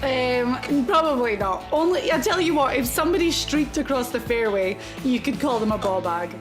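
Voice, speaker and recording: A woman's voice: sits high, animated, normal speed, over music. A Scottish woman from Scotland co-hosting a casual chat, teasing and laughing often. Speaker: co-host.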